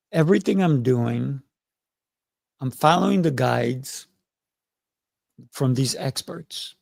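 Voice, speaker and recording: A man's voice: medium pitch, gravelly, a little mellow, no room sound. A man hosting an interview, enthusiastic and affirming, often agreeing with his guest. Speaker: show host, interviewer. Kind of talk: conversational interview.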